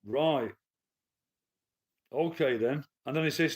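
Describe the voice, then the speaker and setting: Blunt male streamer, slightly high voice, swearing and ranting at chat from his lounge. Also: moderate pace. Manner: blunt, profane, heated. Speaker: livestreamer and commentator. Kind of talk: live stream rant to chat. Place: his living room at home.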